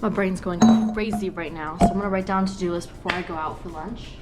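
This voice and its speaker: A young woman in her twenties, chatting casually in a vlog and telling stories with lively acted-out quotes and swearing. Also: on the low side, fast, echoey room, over loud music. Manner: animated storytelling, swears, acts out quotes. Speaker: vlogger.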